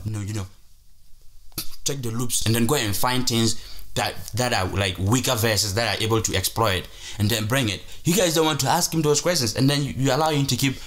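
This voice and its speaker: A man's voice: medium pitch, a bit bright. A man hosting his own channel, talking in a rambling, emphatic way with frequent restarts. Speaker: channel host. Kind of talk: casual commentary vlog.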